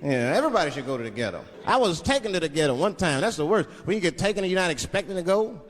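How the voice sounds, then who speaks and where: Animated comedian in a big echoing hall. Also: male voice, on the high side, very fast. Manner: animated storytelling with sudden voice impressions. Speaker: stand-up comedian. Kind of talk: stand-up comedy routine. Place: large theater stage. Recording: live show in a reverberant hall with crowd laughter. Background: audience laughing.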